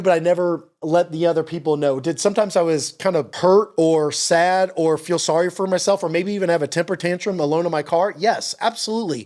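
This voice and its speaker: A man's voice: a little high, darkish tone. A middle-aged man, tearful and choked up, giving an earnest faith testimony on his podcast and repeating himself as he speaks. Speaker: podcast host.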